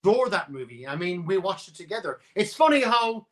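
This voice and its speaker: A man talks movies on a live video call from his home setup, animated and teasing, with plenty of swearing. His voice is bright and forceful and sits a touch high for a man. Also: brisk. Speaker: live stream co-host. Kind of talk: casual chat about movies.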